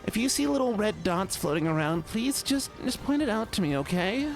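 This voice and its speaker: Guy putting on a whiny bashful nice-guy voice, squeaky high, stammers a lot. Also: very animated, normal speed, faint music behind. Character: timid whiny young man, lovesick nice guy.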